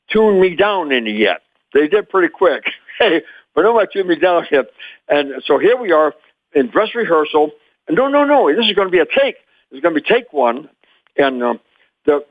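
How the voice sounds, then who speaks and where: An older man in his eighties, originally from Memphis, Tennessee, tells stories with a lively, sing-song lilt and frequent chuckles. His voice comes through a thin, phone-like line with a dry, close sound. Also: a little high, no echo. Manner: lively storyteller, chuckles often. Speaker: guest, former child actor. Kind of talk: animated storytelling interview.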